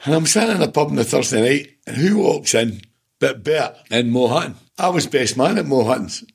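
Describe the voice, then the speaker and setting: A man's voice: medium pitch, lively intonation, a little fast, vocal fry, breathy edge. A Scottish man in his seventies, a former football manager, telling stories in a casual interview, blunt and swearing freely with laughs between. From Scotland. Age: 70s.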